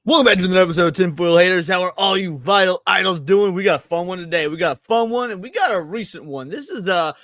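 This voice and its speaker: A man hosting a casual livestream podcast, energetic and chatty, reading out names from the chat. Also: sits high, quick pace, hardly any pauses, no echo. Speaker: podcast host.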